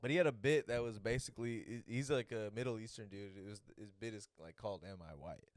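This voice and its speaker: A low-pitched man with a smooth, resonant voice, recorded close and dry. He talks in loose, rambling podcast chat, swearing casually and laughing along with his own story. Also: fast, dry recording. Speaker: podcast co-host.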